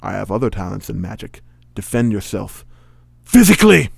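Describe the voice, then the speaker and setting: A man voicing a haughty evil male magician in a Scottish accent, Sean Connery style, with stately, drawn-out, lecturing speech. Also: lowish voice, steady tone, vocal fry, a little mellow. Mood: menacing.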